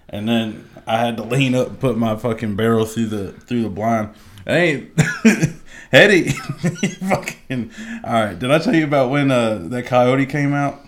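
A man on a podcast bantering and telling a hunting story in relaxed, profane slang, laughing often. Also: medium pitch. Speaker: podcast co-host. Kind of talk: casual banter.

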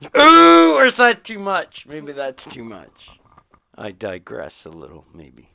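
A man's voice: mid-range voice, wildly swooping pitch, measured pace, gravelly, no echo. A man co-hosting a podcast, ranting with crude, profane comedy. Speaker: podcast co-host. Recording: dry, phone-like lo-fi sound.

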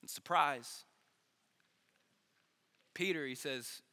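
A man preaching an earnest, energetic youth sermon, repeating phrases for emphasis, in a large church hall. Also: fairly high pitch, normal speed, long pauses. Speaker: youth pastor. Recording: long hall reverb.

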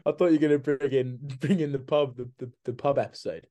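Guy running a joking quiz, warm low-key tone, laughs a lot. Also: fairly even intonation. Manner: teasing, laughs often, slows down when reading questions. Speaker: podcast co-host, quizmaster. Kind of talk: casual banter.

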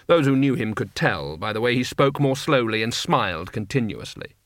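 A man reading an audiobook in steady scripted narration. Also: mid-range voice, normal speed, dry recording, studio quality.

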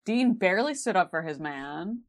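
A woman's voice: lowish voice, lively intonation, moderate pace. A woman co-hosting a podcast in casual, profane, filler-heavy chat. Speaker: podcast co-host.

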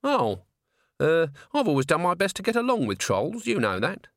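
A man's voice: on the high side, huge pitch swings, moderate pace, a bit bright, dry recording, studio quality, pitched above the performer's own voice, full character voice. A man doing stern old witch woman.

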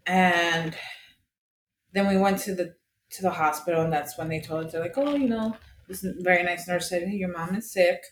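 A woman's voice: on the low side, level tone, moderate pace, slight background noise. A young woman from Colombia, a podcast guest, candidly telling a personal story, swearing freely and acting out the voices of people she quotes. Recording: echoey room with faint ambience.

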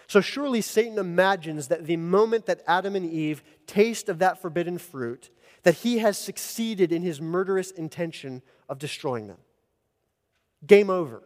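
A man's voice: high-pitched, normal speed, darkish tone. A man preaching an earnest expository sermon as pastor, rising in emphasis at key points. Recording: long church reverb.

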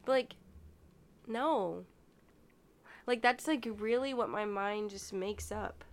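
A woman's voice: mid-range voice, slow pace. A young woman chatting casually as a podcast co-host, rambling through a dream story with lots of "like". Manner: rambling, heavy use of "like". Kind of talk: casual chat, telling a dream.

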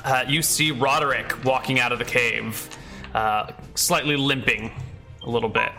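A man's voice: medium pitch, fairly even intonation, moderate pace, gravelly, sharp tone, faint music behind. A man running a tabletop game as game master, narrating casually with lots of fillers.

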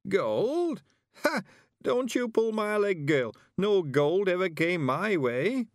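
A man's voice: high voice, big pitch swings, slow pace, no room sound, studio quality, pitched above the performer's own voice, full character voice. A man voicing an anxious, suspicious old countryman with a burr.

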